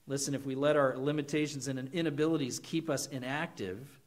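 A man's voice: mid-range voice, fairly even intonation, a little fast, few pauses. A man preaching a sermon in an earnest way, asking the congregation questions and acting out little quotes. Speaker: pastor.

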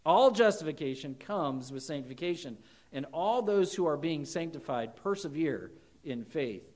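High-voiced earnest male preacher. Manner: earnest, rises in pitch and volume for emphasis. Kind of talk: sermon.

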